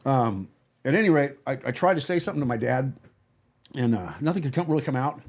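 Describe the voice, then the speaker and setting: A man telling a personal story to friends in casual talk, blunt and profane, halting often with fillers and restarts. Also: medium pitch, lively intonation, vocal fry. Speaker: podcast guest telling his story.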